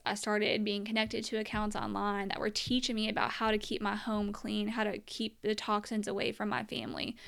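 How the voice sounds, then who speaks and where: A woman's voice: mid-range voice, fairly bright tone, smooth. A young woman telling her personal story as a mother in an earnest, emotional monologue, at times close to tears.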